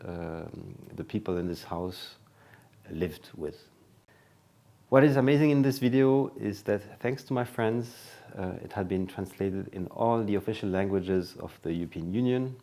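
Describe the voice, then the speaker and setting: A man hosts his own video channel in a deep, low voice. He speaks slowly and with measure, pausing and filling gaps with "uh" as he runs through a list of names. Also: dark tone. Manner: measured, listing names one by one with pauses and fillers. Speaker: channel host. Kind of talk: video introduction to a best-of.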